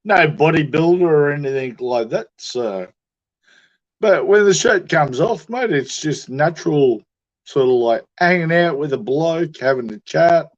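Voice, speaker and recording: A man's voice: fairly high pitch, animated, unhurried, highs cut off. An Australian man bantering casually on a livestream, swearing often, laughing easily and sounding drunk.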